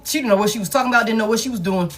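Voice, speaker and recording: A woman's voice: fairly high pitch, racing, a bit bright, soft background music. A woman giving a casual tarot reading who talks bluntly and emphatically, swears freely and repeats her points. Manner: emphatic, blunt, repeats phrases, lots of profanity. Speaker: tarot reader.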